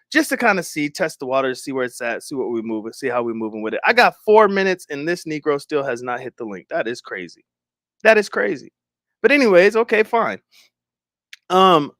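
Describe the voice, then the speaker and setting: A young man hosting a livestream, chatting casually with viewers, animated and swearing, often laughing. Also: medium pitch, dry recording, studio quality. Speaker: livestream host. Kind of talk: casual stream chat.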